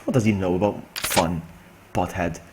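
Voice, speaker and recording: A man's voice: low voice, normal speed, darkish tone, a little hiss or hum. A man, streaming a game and talking himself through it while greeting chat. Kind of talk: live gameplay commentary. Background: game music.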